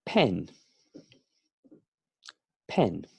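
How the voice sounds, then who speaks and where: A man teaching beginner English, drilling words slowly with emphatic repetition. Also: low-pitched, big pitch swings, creaky, warm tone, husky, no echo.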